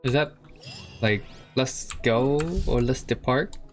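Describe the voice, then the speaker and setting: A woman streamer with a very low voice, chatting and thinking aloud over her gameplay. Game music plays clearly behind her. Her commentary stays casual throughout. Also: steady tone, slow pace. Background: loud game music and typing.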